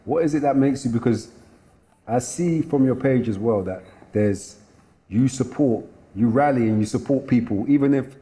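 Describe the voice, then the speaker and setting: A man hosting an interview, soft-spoken and giving frequent quiet affirmations. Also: mid-range voice, normal speed. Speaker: podcast host and psychotherapist. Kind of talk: casual interview chat.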